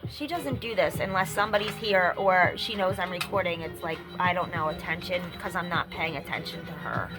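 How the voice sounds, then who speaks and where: A woman's voice: lowish voice, brisk, hardly any pauses, low-quality recording. A woman vlogging at home, venting in an upset, rambling way with many restarts, while a TV plays in the room. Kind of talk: personal vlog, venting. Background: TV dialogue and music playing in the room.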